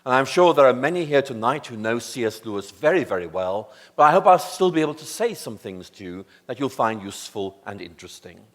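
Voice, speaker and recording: A British man in his sixties giving a public lecture, measured and wry with dry touches of humor. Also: mid-range voice, big pitch swings, fairly bright tone. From Northern Ireland. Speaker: guest lecturer. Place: large lecture hall. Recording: long hall reverb.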